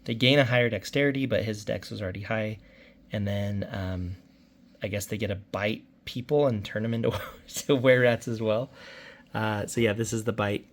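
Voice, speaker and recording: A man's voice: fairly low pitch, fairly even intonation, moderate pace. A middle-aged man casually recapping a tabletop game session he ran for his son, chatty and self-deprecating. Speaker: dungeon master recapping his son's game.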